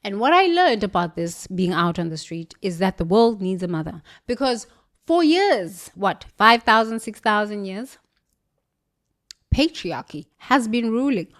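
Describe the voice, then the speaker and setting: A woman with a British accent giving an emphatic spiritual motivational monologue, preachy, with sudden jumps in pitch and volume. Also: very animated, unhurried. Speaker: motivational speaker.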